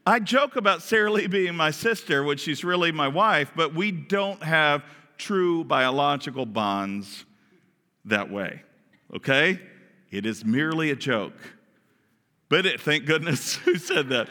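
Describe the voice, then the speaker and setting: A man preaching a sermon as pastor, animated and often asking his listeners questions. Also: fairly high pitch, measured pace, big-room sound. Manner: animated, asks the congregation questions.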